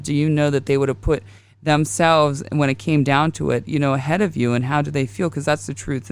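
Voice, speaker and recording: A woman's voice: deep voice, no echo. A woman in her thirties hosting a casual astrology podcast, rambling and confessional as she tells stories. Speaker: podcast host.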